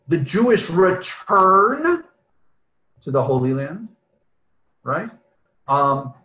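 A man's voice: fairly high pitch, a bit bright, roomy sound, poor audio. A man teaching an online class, talking in a discursive way, often asking "right?" and trailing off with "um". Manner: discursive, often adds "right?" and "um", restarts phrases. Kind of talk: online lecture with questions from the chat. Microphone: video call.

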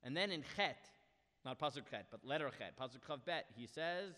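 A man teaching a Bible class. He reads Hebrew verses and translates them, and his delivery swings between hushed and loud. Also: mid-range voice, animated, normal speed, big-room sound. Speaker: Torah teacher.

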